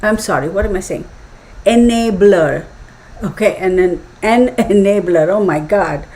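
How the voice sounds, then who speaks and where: A woman's voice: medium pitch, normal speed, darkish tone, low-quality recording. A woman giving a live tarot reading, thinking aloud with many fillers and restarts. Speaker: tarot reader.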